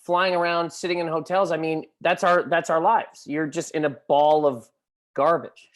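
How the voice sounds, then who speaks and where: A comedian in casual panel chat, talking in a wry, self-deprecating way. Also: male voice, fairly high pitch, flat delivery, moderate pace, fairly bright tone. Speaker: comedian guest.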